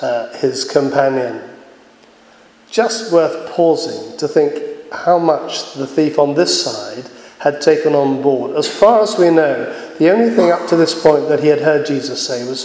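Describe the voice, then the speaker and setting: A man preaching a sermon, earnest and measured, pausing often with fillers. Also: medium pitch, a little mellow. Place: church. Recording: echoey church hall with long reverb.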